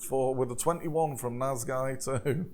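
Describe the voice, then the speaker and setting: Slow, easygoing male game master. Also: mid-range voice, background noise. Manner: laughs often while narrating, relaxed and jokey. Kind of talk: narrating a tabletop game.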